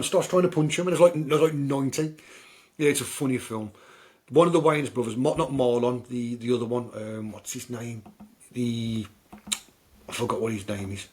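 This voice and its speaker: This British man's voice is mid-range, steady, and darkish, at a moderate pace. He hosts a podcast of casual film chat, drifting through recaps in a chatty, storytelling manner heavy with fillers.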